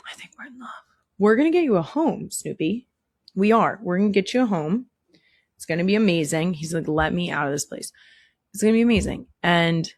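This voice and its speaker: Young female podcast host, gushy and cooing, middle pitch, dry close mic. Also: no room sound. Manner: gushing, coos at animals in soft whispers. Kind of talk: casual chat. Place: indoor studio.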